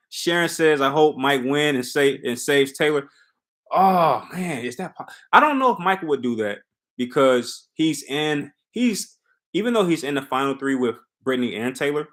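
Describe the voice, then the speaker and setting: A man's voice: medium pitch, a bit bright. A man hosting a casual reality-show commentary, talking emphatically and repeating himself as he reads and answers viewer comments. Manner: emphatic, repetitive, talks to viewers. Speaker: show recap host.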